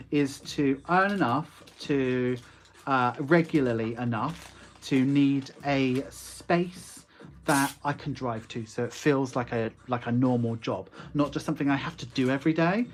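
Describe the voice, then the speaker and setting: A man's voice: mid-range voice, lively intonation, unhurried, slight background noise. Chatty West Country man streaming live. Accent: West Country English. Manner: chatty, reads viewer comments aloud, laughs often. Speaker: online shop owner streaming live. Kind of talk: casual live-stream chat.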